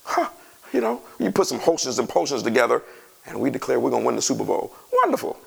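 Gravelly-voiced preacher man. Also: mid-range voice, quick pace. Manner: animated, conversational preaching with asides to the congregation. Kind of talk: sermon.

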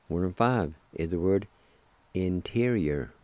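A man from Oklahoma giving a recorded language lesson, slowly spelling out words and repeating each one with encouragement. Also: sits low, lively intonation, darkish tone, no echo. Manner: slow, careful, spells words letter by letter and repeats them. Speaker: language teacher and show host.

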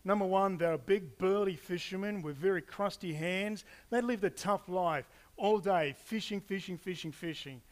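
A man preaching a sermon, telling stories in an animated way and acting out quotes with playful asides. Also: high-pitched, normal speed, few pauses. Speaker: pastor.

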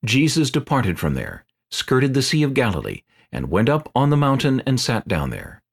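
A man narrating scripture in a clear, steady reading voice. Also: medium pitch, moderate pace.

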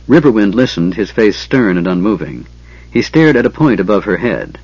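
A man narrating a fantasy novel in a measured storytelling manner. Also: on the low side, lively intonation, a little mellow, slightly rough, dry recording, muffled recording. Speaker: audiobook narrator.

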